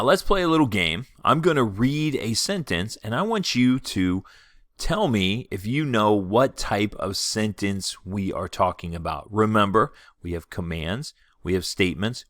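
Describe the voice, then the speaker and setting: A man teaching a third grade class in a video lesson, explaining clearly and patiently, reading example sentences slowly and expressively. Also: on the low side, animated, fairly bright tone, dry recording, clean studio sound.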